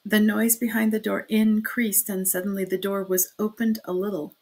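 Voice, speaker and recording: A woman reading a classic novel aloud, steady in her narration, with casual asides to listeners. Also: medium pitch, moderate pace. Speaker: audiobook reader.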